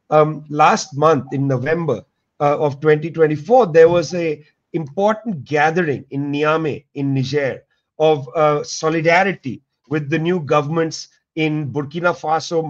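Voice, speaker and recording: A man's voice: a little high, dull audio. A middle-aged man giving impassioned political commentary as a guest historian, speaking emphatically and addressing listeners directly.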